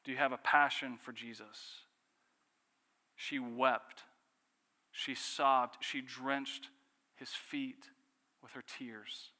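Pastor guy preaching, bright forceful voice, asks lots of questions, goes soft on key bits, big reverb like a hall. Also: medium pitch, little pitch movement, takes it slowly, long pauses. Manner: earnest preaching with rhetorical questions and dramatic drops in volume. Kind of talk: sermon.

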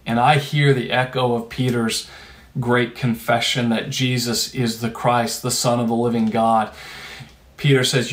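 A man's voice: mid-range voice, level tone, a little slow. A man preaching a sermon in a conversational, emphatic way, with rhetorical asides to his listeners.

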